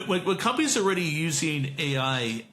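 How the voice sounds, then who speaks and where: A man's voice: on the high side, very animated, a little fast. Rambling man telling stories in an echoey room. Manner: rambling storyteller, many self-corrections and restarts. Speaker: podcast co-host. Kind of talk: casual chat. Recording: bright, echoey room with faint hiss.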